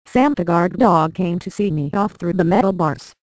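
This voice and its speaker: A computer-generated woman's voice reading a memoir aloud in a flat, synthetic way with odd word stresses. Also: fairly low pitch, normal speed, no room sound, poor audio. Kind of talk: text-to-speech narration of a memoir.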